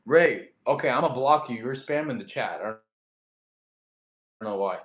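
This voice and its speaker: A young man from Russia, a fitness streamer reading live chat, animated and quick to get annoyed at spammers. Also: medium pitch. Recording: echoey room.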